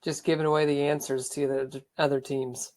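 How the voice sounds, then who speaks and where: A man's voice: a little high, little pitch movement, fairly quick, a little mellow. A man co-hosting a casual sports podcast, giving easygoing analysis with lots of "um"s. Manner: easygoing, filler-heavy analysis. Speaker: podcast co-host.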